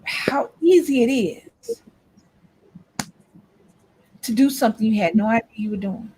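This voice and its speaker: Woman, high voice, casual chat, emphatic storyteller. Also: lively intonation, a little slow, mellow, a little hiss or hum. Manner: storytelling, emphatic, lectures trolls. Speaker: co-host.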